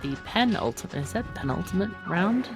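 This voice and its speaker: Woman co-caster, low-pitched, lively and giggly, music behind. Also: a little fast. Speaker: co-commentator. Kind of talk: casual game commentary.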